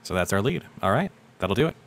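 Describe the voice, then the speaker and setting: Male player in casual game chat, plain and questioning, with a very low voice. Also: sing-song, fast, creaky.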